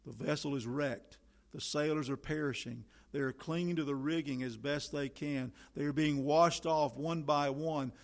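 A man's voice: a little high, steady tone, moderate pace, vocal fry. A man preaching a sermon in solemn, old-fashioned biblical language, building to fervent appeals. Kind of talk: sermon reading.

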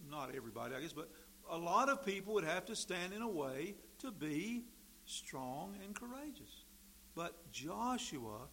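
A man preaching a sermon, slow and deliberate, stressing key words and pausing often. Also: a little high, bright, forceful tone, a little hiss or hum.

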